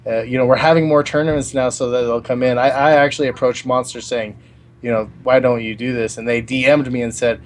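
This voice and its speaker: A man's voice: medium pitch, steady tone, fairly quick, slight background noise. A man guest in a casual gaming chat, upbeat and enthusiastic, over a voice call.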